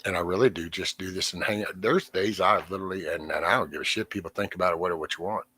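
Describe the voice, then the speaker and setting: A middle-aged man vents on his livestream from home, rambling, cursing frequently, and drifting off mid-thought. He talks quickly in a low, husky voice with a steady, sharp tone.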